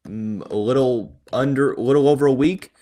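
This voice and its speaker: A man hosting a sports podcast, talking in a relaxed, reassuring way with many fillers. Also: mid-range voice, normal speed. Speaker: podcast host. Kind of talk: casual sports talk.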